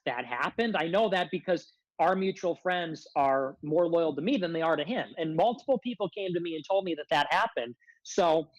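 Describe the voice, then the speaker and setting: A man's voice: high voice, no room sound, low-quality recording. A man ranting as a guest on a livestream, confrontational and self-described as a hothead, repeatedly demanding answers. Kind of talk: heated casual rant.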